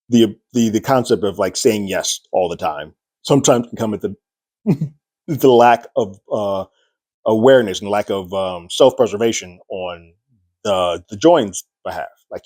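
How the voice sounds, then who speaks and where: Low-voiced man recapping a TV episode. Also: dry recording. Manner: animated recap, acting out characters' lines in raised voices. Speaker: TV episode reviewer. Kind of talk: casual spoiler review.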